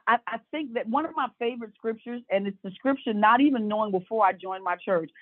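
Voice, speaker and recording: A woman's voice: medium pitch, no echo. A woman in her fifties tells her faith story earnestly as a guest, slipping into the voices of the people she quotes. Her voice comes over a tinny, phone-like line. The sound is dry, with no room around it. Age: 50s. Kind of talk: personal faith testimony.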